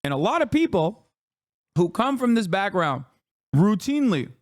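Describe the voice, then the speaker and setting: A man's voice: sits high, sing-song, moderate pace, dry recording, clean studio sound. A man streaming a heated political rant, profane, combative and mocking, in his thirties.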